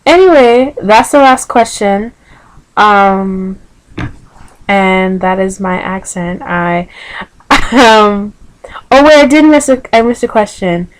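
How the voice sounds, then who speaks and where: A woman's voice: mid-range voice, slow, pauses often, poor audio. A woman with a Vincentian accent chatting casually in a vlog, hesitant, with many ums, on a computer microphone. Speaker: vlogger. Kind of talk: casual accent tag video.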